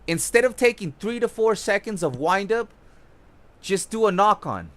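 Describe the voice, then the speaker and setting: Excited high-voiced gaming commentator man. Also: normal speed. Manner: excited, profane, demonstrating moves as he plays. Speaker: gaming YouTuber. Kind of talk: casual gameplay tutorial commentary.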